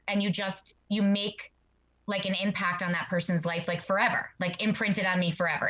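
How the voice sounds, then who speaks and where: A woman co-hosting a live podcast over a video call, her voice bright and forward. She talks effusively, wandering into asides and fillers. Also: medium pitch, highs cut off. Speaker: podcast co-host. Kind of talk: casual interview chat.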